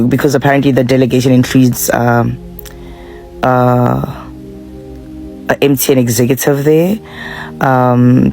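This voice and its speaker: A man's voice: medium pitch, creaky, a little mellow, rough recording. A man giving casual political commentary, chatty and full of fillers.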